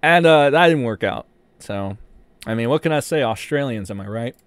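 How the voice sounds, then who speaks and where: A man doing casual stream commentary, rambling and full of swearing. His voice sits at an ordinary pitch for a man, and the recording is close and dry with no room sound. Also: moderate pace, smooth, no room sound. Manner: rambling, profane, animated. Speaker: streamer host.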